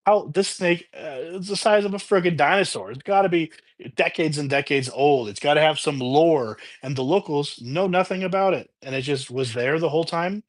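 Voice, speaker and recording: Chatty man retelling a movie plot. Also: on the high side. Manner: chatty, animated retelling with laughs and quoted voices. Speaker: movie reviewer. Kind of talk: casual spoken movie review.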